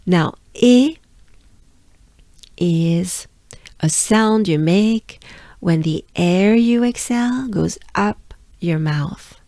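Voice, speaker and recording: A woman's voice: on the low side, takes it slowly, mellow, no echo, clean studio sound. A woman from France with a French accent, patiently teaching pronunciation and repeating sounds many times. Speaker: pronunciation coach. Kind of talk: pronunciation lesson.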